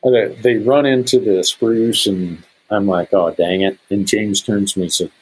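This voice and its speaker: A middle-aged man from Montana, a hunter guesting on a podcast, telling a story in an animated way and acting out what others said. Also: fairly low pitch, a little slow, slightly rough, poor audio. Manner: animated, acts out quoted speech in a raised voice.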